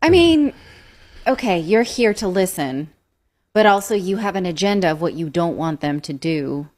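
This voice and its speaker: A woman's voice: on the low side, animated, normal speed, a little mellow. A woman co-hosting a political talk show, making dry, sarcastic remarks. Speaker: podcast co-host. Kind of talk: sarcastic political commentary chat.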